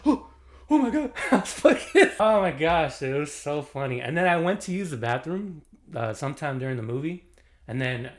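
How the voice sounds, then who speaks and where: A man giving a casual movie review, animated and slangy, laughing often as he talks. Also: a little high.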